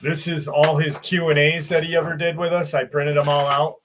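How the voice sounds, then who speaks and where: A man with a voice a touch higher than usual hosts a casual live stream. He greets viewers by name and reacts to their comments in loose, chatty talk with the odd curse and plenty of laughs. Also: level tone, normal speed, background noise.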